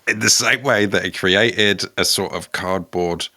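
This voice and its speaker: A man's voice: sits low, bright, forceful tone, no echo, clean studio sound. A man co-hosting a comedy podcast, chatting playfully and teasing his co-host. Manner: playful, teasing, quick to joke. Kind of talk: comedic casual chat.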